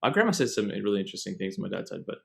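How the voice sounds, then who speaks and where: A young man with a slightly low-pitched voice chatting on a podcast. He rambles from one story to the next in a relaxed, digressive way. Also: very fast, gravelly. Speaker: podcast host. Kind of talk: casual chat.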